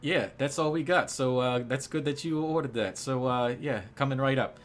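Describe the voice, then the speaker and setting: A man's voice: mid-range voice, moderate pace, soft background music, voice pushed up, close to an everyday voice. A man voicing a tiny but tough male cat bartender in a hammy, conspiratorial New York accent. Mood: friendly.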